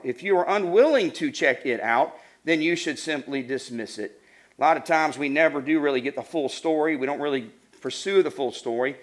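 Animated storytelling male preacher. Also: on the high side. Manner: animated, acts out voices, laughs while telling stories. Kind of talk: sermon with humorous storytelling.

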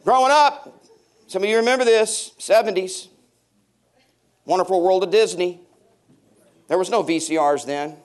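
A pastor in his fifties preaches with a voice pitched a little higher than most men's. He jokes his way through stories and calls out questions to his congregation. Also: normal speed, long pauses. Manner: humorous, storytelling, banters with the congregation. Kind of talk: sermon. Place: church before a congregation.

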